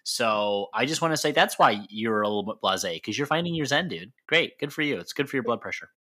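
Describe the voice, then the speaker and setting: Playful michigan dude cohosting a sports pod, bright voice, laughs a lot. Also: male voice, mid-range voice, animated, brisk, slight background noise. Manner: chatty, playful, laughs often. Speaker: podcast co-host. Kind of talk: casual chat.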